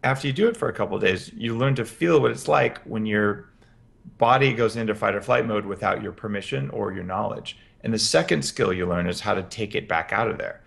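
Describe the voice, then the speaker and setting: A man as a podcast guest, explaining practical health advice in an energetic interview. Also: on the low side, fairly quick, vocal fry. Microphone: headphones with podcast mic.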